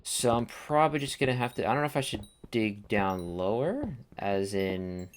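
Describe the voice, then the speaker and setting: A young adult man with a lowish voice and lively intonation chats casually while playing a game, rambling and dropping slang at a normal speed. It's let's-play style gameplay commentary, with slight background noise.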